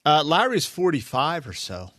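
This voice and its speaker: A man's voice: on the high side, moderate pace, no room sound, studio quality. A man in his fifties co-hosting a podcast, telling stories in a casual chat and acting out the people he quotes. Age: 50s. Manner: animated storyteller, acts out quoted voices. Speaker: podcast co-host.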